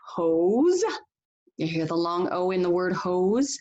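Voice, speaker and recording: A woman teacher giving a read-aloud phonics lesson, reading slowly and deliberately and laughing softly now and then. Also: dull audio, a little hiss or hum. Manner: slow, deliberate reading with lively pitch and soft laughs.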